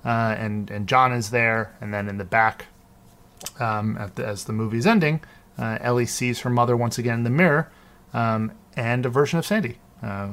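A man recaps a film in casual podcast chat. His delivery is loose and rambling, full of fillers and restarts, at a middling pitch. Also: moderate pace, a bit bright. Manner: rambling, lots of ums and restarts. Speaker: podcast co-host.

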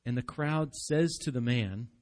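A man preaching a live church sermon, animated, acting out voices in the story and dropping soft for emphasis. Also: mid-range voice, a little slow. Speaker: pastor.

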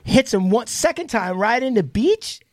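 A man's voice: very high voice, animated, normal speed, dry recording, studio quality. A man co-hosting a podcast, telling a long story in casual chat, swearing freely and acting out the quotes. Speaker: podcast co-host. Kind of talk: casual storytelling among friends.

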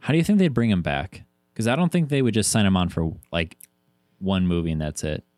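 Low-voiced animated man chatting. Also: brisk, no echo, clean studio sound. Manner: animated, laughs often, asks questions. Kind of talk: casual chat.

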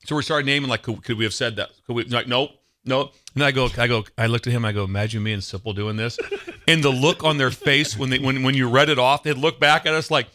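A middle-aged man hosting a casual talk show, telling a story in an animated, excitable way. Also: mid-range voice, quick pace. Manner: animated, excitable storyteller who shouts quoted lines. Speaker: radio show host.

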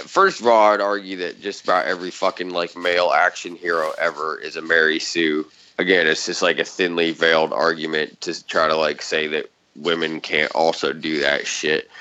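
A man's voice: low voice, sharp tone. A man chatting casually on a podcast, telling a rambling story full of swearing and sarcasm. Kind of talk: casual chat. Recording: dull lo-fi sound.

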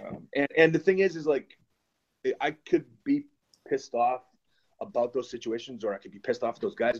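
A man with an ordinary, middle-pitched voice talks candidly and reflectively as a podcast guest. The recording sounds dull and lo-fi. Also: darkish tone, breathy edge. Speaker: podcast guest, former wrestler. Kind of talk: casual conversation.

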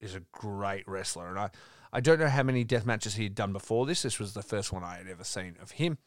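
A man talks casually on a podcast, rambling through a story with plenty of fillers and restarts. His voice sits fairly low, and the recording is dry and close. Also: fast, dry recording. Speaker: podcast host. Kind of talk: casual chat.

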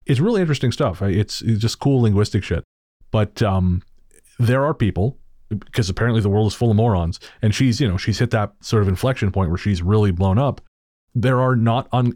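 A man's voice: on the low side, brisk, warm tone, no room sound, studio quality. A man hosting a podcast, chatting casually with sarcastic, profane jokes and frequent laughter. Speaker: podcast host.

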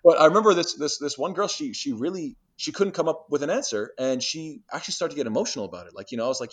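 A man being interviewed, telling stories in a lively way and acting out conversations, with many restarts and fillers. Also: a little high, fast, few pauses, breathy edge. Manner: animated storyteller who acts out exchanges, many restarts and fillers. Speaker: interview guest. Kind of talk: casual storytelling interview.

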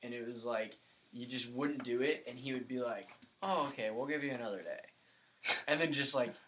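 Young man with a mid-pitched voice, telling a loose, rambling story in a casual chat. A faint hiss runs under the recording. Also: normal speed, a bit bright.

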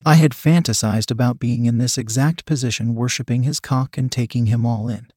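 Male narrator for a read-aloud erotic story, mid-pitched, dry close sound. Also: fairly even intonation, brisk, darkish tone, slightly rough, dry recording.

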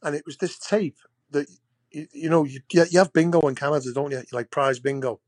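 A man's voice: on the high side, fairly even intonation, fairly quick, dry recording. A man, a wrestler guest on a podcast, telling long casual anecdotes that ramble and restart often. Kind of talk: casual storytelling.

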